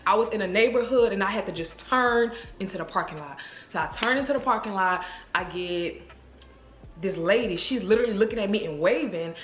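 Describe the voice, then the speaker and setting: A woman vlogger telling a story to her viewers in a chatty, animated way, speaking straight to the camera. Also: medium pitch, brisk. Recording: roomy echo.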